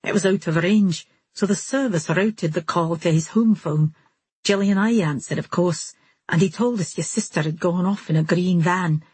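A calm, steady young man tells what happened in a gentle, earnest way, read by a woman. The voice sits low and soft with a breathy edge. The audiobook recording is close and dry. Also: moderate pace, dry recording.

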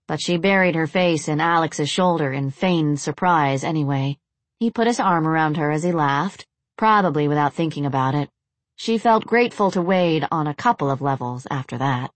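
Low-voiced woman narrating an audiobook. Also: expressive, normal speed, dry recording.

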